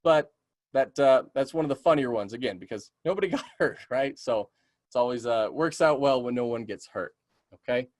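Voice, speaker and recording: Guy doing a birding webinar on a computer mic, chatty and excited, lots of ums, voice a little tired, dry close sound. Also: medium pitch, normal speed, no room sound. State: voice getting tired. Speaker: community naturalist teaching a webinar. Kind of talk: casual webinar teaching with audience Q&A.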